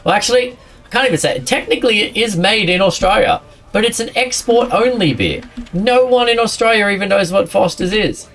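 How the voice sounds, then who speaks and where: A man's voice: sits high, lively intonation, a little fast, fairly bright tone, recorded from a distance. A man streaming a game, chatting casually with his viewers and a friend, often laughing and rambling. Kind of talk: casual live-stream chat while gaming.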